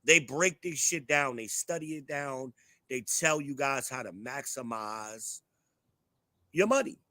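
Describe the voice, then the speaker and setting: A man's voice: medium pitch, lively intonation, measured pace, sharp tone, dry recording. A middle-aged man hosting his own show, ranting bluntly and profanely to a live chat. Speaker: show host.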